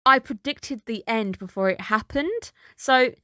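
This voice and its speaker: A woman's voice: a little high, animated, unhurried, pushed and bright, dry recording, studio quality. A woman reviewing an anime episode in a casual recap, chatty and dropping skeptical asides.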